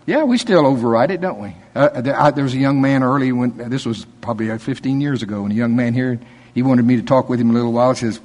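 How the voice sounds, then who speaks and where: A man's voice: mid-range voice, quick pace, a little mellow, long reverb tail. A middle-aged male pastor preaching a sermon, telling folksy stories with laughter and quoted voices.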